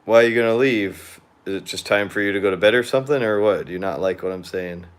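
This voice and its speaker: A man's voice: fairly low pitch, quick pace, smooth. Young male vlogger, casual venting monologue, rambling, swears freely, beer in hand. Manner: blunt and profane, rambling; drinking beer while chatting.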